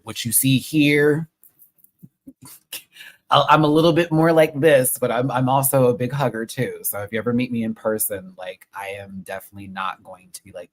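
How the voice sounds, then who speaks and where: A man's voice: mid-range voice, moderate pace, poor audio. Chatty swearing man reviewing live. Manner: chatty, swears often, excitable. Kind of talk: casual live stream review.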